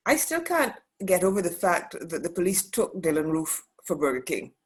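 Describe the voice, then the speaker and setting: A woman's voice: on the low side, very animated, moderate pace. Woman cohost on a podcast, emphatic, repeats stuff for weight, chatty. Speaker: podcast co-host. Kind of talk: casual podcast conversation.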